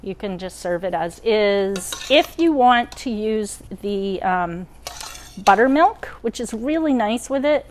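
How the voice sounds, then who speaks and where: A woman's voice: mid-range voice, lively intonation, slow, a little hiss or hum, poor audio. A woman hosting a cooking demonstration, chatty with frequent ums, over pans sizzling and utensils clinking. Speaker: cooking show host. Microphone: wearing a microphone.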